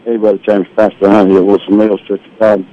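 A man who is a pastor, calling in to a radio show, brisk and matter-of-fact. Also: on the low side, level tone. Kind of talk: phone call to a radio show. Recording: lo-fi phone line.

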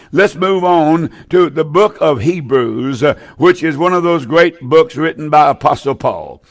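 An older man preaching a sermon, fervent and repetitive, dwelling on each verse. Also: on the high side. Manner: fervent, repeats key phrases, draws out verses.

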